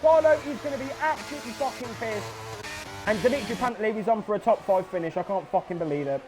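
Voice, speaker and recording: High-voiced sweary race commentator. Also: male voice, quick pace, over music. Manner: sweary, frantic, shouting at crashes. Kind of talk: excitable sim racing commentary.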